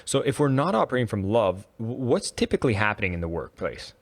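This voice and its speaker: A man's voice: lowish voice, sing-song, fast. A man hosting a podcast interview, friendly and curious as he asks questions. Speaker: podcast host. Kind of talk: casual interview talk.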